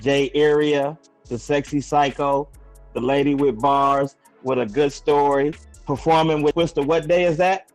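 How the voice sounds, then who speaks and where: A man's voice: fairly high pitch, steady tone, a little slow, soft background music. A man hosting a casual podcast interview, talking in a hyped way and repeating his favorite phrases. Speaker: podcast host.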